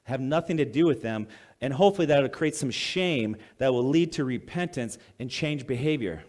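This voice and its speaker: Guy pastor preaching, chatty, reads a verse then breaks it down, keeps asking the church stuff, medium pitch. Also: animated, moderate pace, darkish tone. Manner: conversational preaching, asks the congregation questions; reads scripture aloud, then explains it plainly. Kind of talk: sermon.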